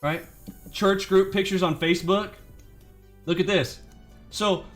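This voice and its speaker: A man's voice: sits high, a bit bright. A man hosting a trading channel, ranting to his viewers in an indignant, sarcastic and profane way. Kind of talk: angry rant to viewers.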